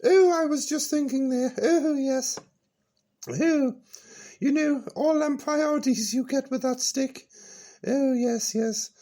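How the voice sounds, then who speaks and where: A man's voice: extremely high pitch, slow pace, warm tone, voice pushed up. A man voicing a giddy, grand older woman on a comic radio show, giggling and swooping between "oh, yes" and "no, no". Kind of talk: comic radio character bit.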